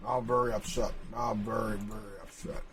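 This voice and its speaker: A man's voice: on the low side, little pitch movement, normal speed, a crowd in the background, poor audio. A male streamer rambles through a boastful, profane, mock-serious comic rant while drawing a map.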